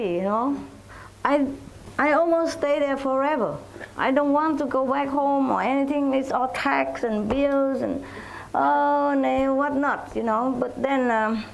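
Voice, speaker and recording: Animated high-voiced woman telling stories. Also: measured pace, gravelly, a little hiss or hum, low-quality recording. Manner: rambling, animated, often laughing. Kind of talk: casual storytelling.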